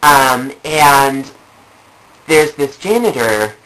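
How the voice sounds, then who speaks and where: A woman's voice: rumbling low, lively intonation, drawn-out words, a bit bright, low-quality recording. A young adult woman telling funny personal stories in a rambling way, with many fillers and repeated phrases. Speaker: vlogger. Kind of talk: comedic personal storytelling.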